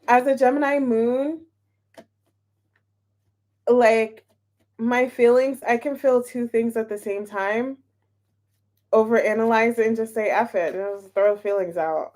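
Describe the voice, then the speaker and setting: A woman's voice: on the high side, slow pace, pauses often, a little mellow. A young woman reading tarot and chatting casually with her viewers in a bubbly, laughing way. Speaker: tarot reader. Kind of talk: casual live-stream chat.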